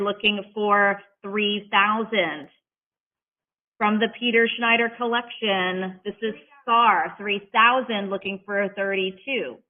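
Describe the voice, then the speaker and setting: An auctioneer calling bids at a live auction in a rapid-fire chant, mixing in playful patter between the numbers. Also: medium pitch. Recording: tinny phone-like audio.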